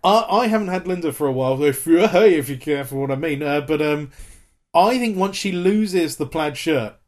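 A man's voice: on the high side, expressive, normal speed. A man in his thirties co-hosting a podcast, chatting with enthusiasm and many fillers and restarts. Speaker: podcast co-host. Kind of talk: casual chat about a TV series.

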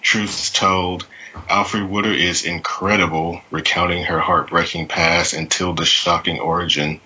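Man, very low voice, bright and husky, lo-fi audio. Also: fairly even intonation, measured pace. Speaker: podcast co-host. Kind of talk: reading episode recap notes.

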